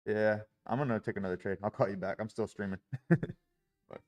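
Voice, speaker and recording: A man's voice: lowish voice, brisk, darkish tone. A man live-streaming his day trading, talking through his trades with heavy swearing and frustrated outbursts.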